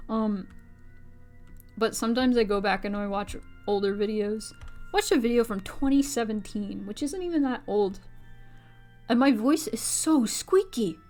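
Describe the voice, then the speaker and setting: A young woman streamer chatting casually with viewers, rambling from one thought to the next and jumping into a squeaky high voice when she quotes someone. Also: unhurried, a little mellow, faint music behind.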